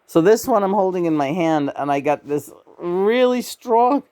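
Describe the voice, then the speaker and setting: A woman's voice: on the low side, lively intonation, normal speed, dark tone. A woman in a casual spiritual vlog at home, laughing often and playfully talking to unseen spirits. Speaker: tarot vlogger. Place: home bedroom.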